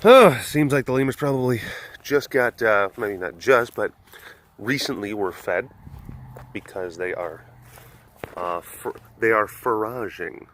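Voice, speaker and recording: A man's voice: lowish voice, measured pace, a bit bright. A man vlogging outdoors at an animal facility, making playful, jokey asides to viewers and to the animals. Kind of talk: casual chat.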